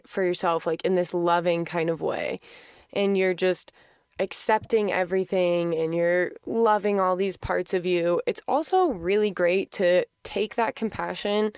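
A woman's voice: medium pitch, a little mellow, clear, resonant tone, no room sound, studio quality. A woman speaking openly and casually about her feelings, laughing often and swearing freely. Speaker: podcast host sharing a personal story. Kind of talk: candid reflective monologue.

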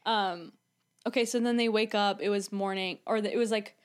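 Young female co-host, giggly, rambling, casual, middle pitch. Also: fairly even intonation, moderate pace. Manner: chatty and giggly, full of fillers. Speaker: podcast co-host. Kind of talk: casual chat.

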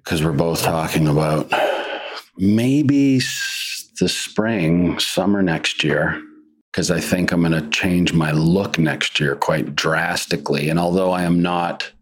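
Super deep husky guy, actor rambling through stories in an interview. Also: slow pace. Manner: rambling, animated storytelling. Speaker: actor guest. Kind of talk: casual interview chat.

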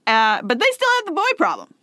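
A woman telling a story in casual chat, animated and full of asides. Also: on the high side, fast, no echo. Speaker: podcast co-host telling the story.

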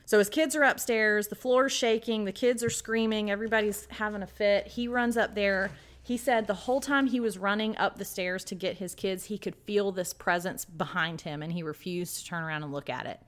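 A woman's voice: medium pitch, fairly even intonation, a little fast. A woman podcast co-host telling a story dramatically in a casual chat, acting out the quotes.

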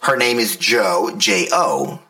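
A man's voice: on the low side, big pitch swings, takes it slowly, sharp tone. A man in his thirties co-hosting a podcast, telling stories in a rambling, profane, casual way full of restarts. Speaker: podcast co-host. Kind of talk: casual chat.

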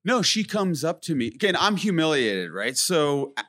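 Animated self-mocking male podcast co-host. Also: fairly high pitch. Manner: animated, self-mocking, quick to mimic others. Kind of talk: comic storytelling on a live podcast.

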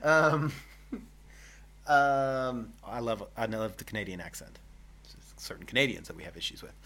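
A man's voice: mid-range voice, animated, normal speed, a bit bright. A man co-hosting a casual chat, playful and laughing often. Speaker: podcast co-host.

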